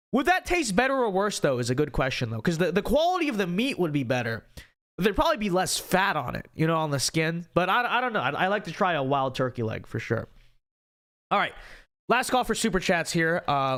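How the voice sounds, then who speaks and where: A man's voice: fairly high pitch, a bit bright. A young man hosting a casual livestream, reading out super chats and joking around, his voice strained and worn from a long stream. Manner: rambling, joking asides. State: strained, failing voice. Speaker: livestream host.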